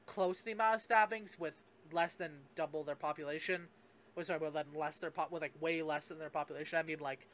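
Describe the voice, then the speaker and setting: A man's voice: a little high, steady tone, a little fast, a bit bright, a little hiss or hum. A young man hosts a solo podcast. He rambles and swears freely, restarting his sentences and leaning on fillers as he talks things through. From Canada. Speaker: podcast host. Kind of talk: casual solo podcast rant.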